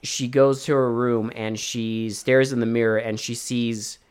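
A man's voice: medium pitch, little pitch movement, measured pace, clean tone. A man co-hosting a casual podcast, recapping a movie scene by scene. He rambles and swears freely, often restarting his sentences mid-thought. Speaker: podcast co-host. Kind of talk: casual movie review chat.

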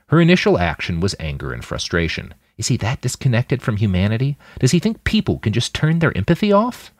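A man narrating a thriller audiobook in an expressive, dramatic manner. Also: medium pitch, fairly quick, few pauses, no room sound, studio quality. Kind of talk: scripted narration.

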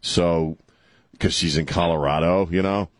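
A man's voice: sits low, steady tone, dry recording. A middle-aged man hosting a talk radio show, joking wryly and chatting casually with a guest in the studio. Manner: joking, wry, drops into quick put-on voices. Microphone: studio microphone.

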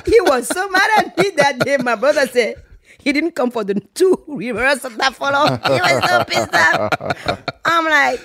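Brief: woman from Congo, animated guest storyteller, lively intonation, dry close sound. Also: high voice, a little slow, no room sound. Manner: animated, laughing, acts out voices in anecdotes. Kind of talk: casual storytelling.

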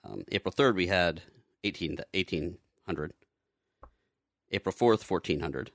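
Low-voiced male podcast co-host, jokey and loose, dry sound. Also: a little slow, a bit bright, no echo. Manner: joking, loose, filler-heavy. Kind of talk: casual podcast chat.

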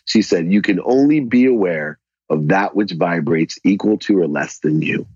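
A man being interviewed as a podcast guest, animated as he tells a story and acts out the dialogue. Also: low voice, moderate pace, breathy edge, no echo, dull audio.

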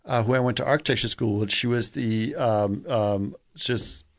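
A man's voice: medium pitch, moderate pace. Man, casual podcast host, rambling anecdote delivery, lots of "uh". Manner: rambling storyteller, many fillers. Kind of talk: casual chat.

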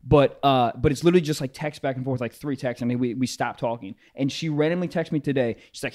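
A young man hosting a casual podcast chat, animated, swooping up high when he quotes people. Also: fast, hardly any pauses. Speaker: podcast host.

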